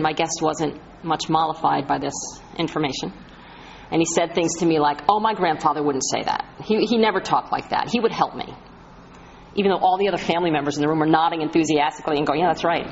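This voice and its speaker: A woman's voice: lowish voice, slight background noise. Earnest woman giving a spiritual talk. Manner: earnest storytelling with emphatic slowed phrases. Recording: slightly muffled lo-fi recording.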